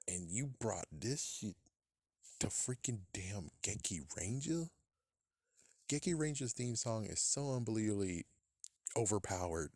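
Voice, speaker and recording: Profane, ranting man with a low voice. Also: darkish tone, dry recording, studio quality. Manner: profane, exasperated, laughs at own jokes. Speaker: podcast host. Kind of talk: casual ranting commentary.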